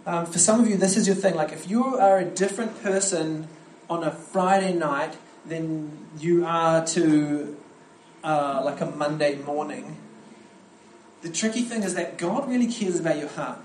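A young man preaching a camp sermon to young people, animated and storytelling, with frequent restarts. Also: a little high, a little slow, slight background noise. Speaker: youth pastor preaching at a camp. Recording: echoey hall with faint ambience.

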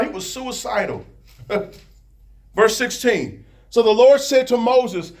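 A man preaching a sermon in a lively, conversational way, reading scripture quickly and breaking off into asides to the congregation. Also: high-pitched. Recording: echoey room.

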